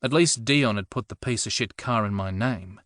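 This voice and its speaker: A man's voice: lowish voice, moderate pace, fairly bright tone, no room sound. A man reading first-person narration for an audiobook with a dry, wry comic delivery.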